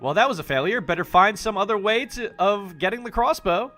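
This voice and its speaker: A man streaming a game, reading its text aloud and reacting loudly, swearing at bad dice rolls. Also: sits high, expressive, a little fast, soft background music.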